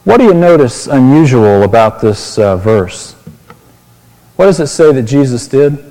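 Male pastor, sermon, mellow voice, long hall reverb, asks the congregation questions. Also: mid-range voice, very animated, unhurried. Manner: explains a Bible passage, asks the listeners questions.

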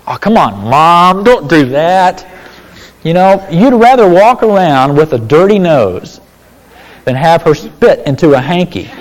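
A man preaching a sermon, animated and emphatic, with casual asides to the congregation. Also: high-pitched, long reverb tail, rough recording. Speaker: pastor.

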